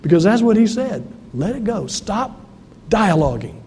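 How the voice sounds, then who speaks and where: A man's voice: high voice, big pitch swings, moderate pace, warm tone, a little hiss or hum. A man, a pastor preaching a sermon and telling stories with acted-out quotes. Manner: storytelling, acts out quoted voices. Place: church sanctuary. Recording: long hall reverb.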